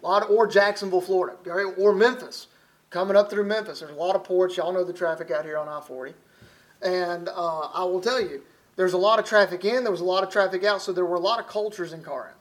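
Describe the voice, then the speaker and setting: High-voiced Southern preacher from Alabama. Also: male voice, fast talker. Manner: folksy, conversational preaching with frequent restarts. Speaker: visiting preacher. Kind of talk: sermon.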